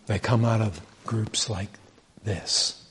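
A man preaching a sermon, animated, asking the congregation rhetorical questions and stressing points with rising emphasis. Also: medium pitch, unhurried, slight background noise.

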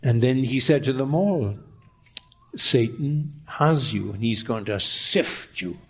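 A man preaching a sermon, emphatic, with rising exclamations and lines that drop to a hush. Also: mid-range voice, takes it slowly, slightly rough.

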